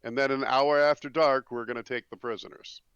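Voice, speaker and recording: A man's voice: medium pitch, fairly even intonation, a little fast, fairly bright tone, clear, resonant tone, no room sound. A man playing a tabletop game, talking casually and hesitantly with stammers. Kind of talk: casual chat. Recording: dull lo-fi recording.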